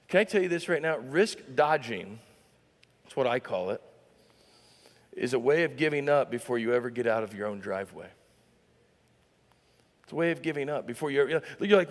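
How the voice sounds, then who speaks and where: A male pastor preaching a sermon, telling stories in a chatty way and swinging between loud punchy asides and low quiet emphasis. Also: lively intonation, moderate pace, long pauses. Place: church sanctuary. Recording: large church hall reverb.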